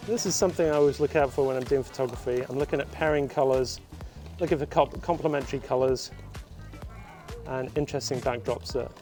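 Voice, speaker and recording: Male vlog host, mid-pitch, easy explanatory delivery outdoors, music bed. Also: brisk. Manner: relaxed, explanatory. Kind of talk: vlog narration. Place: outdoors by canals.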